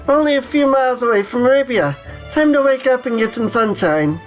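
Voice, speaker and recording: A woman's voice: on the high side, expressive, a little fast, soft background music, voice pushed up, lightly acted. A woman reading a bossy, teasing young heroine. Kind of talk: reading game dialogue aloud.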